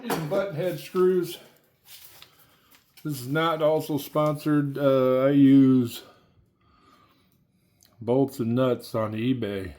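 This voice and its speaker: A man's voice: medium pitch, steady tone, takes it slowly, pauses often, mellow, slight background noise. A man casually narrating a tool-cart build in a cramped home workshop, rambling and offhand, breathing heavily. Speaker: DIY tool vlogger.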